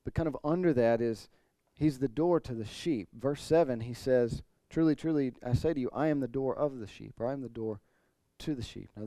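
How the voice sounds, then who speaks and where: A man's voice: medium pitch, warm tone, dry recording. A man pastor preaching an expository sermon, earnest, building to emphatic points. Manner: earnest preaching, rising emphasis, occasional throat clearing.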